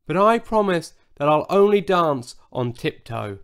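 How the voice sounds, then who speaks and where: A man voicing a huge, gentle male dinosaur with a small, soft, breathy and timid voice in a children's story. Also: on the high side, big pitch swings, unhurried, full character voice. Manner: timid and earnest.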